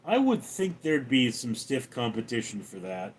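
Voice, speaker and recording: A man hosting a casual livestream, reading viewer comments aloud in a raised voice and answering them lower and faster. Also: big pitch swings, slight background noise. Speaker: livestream host.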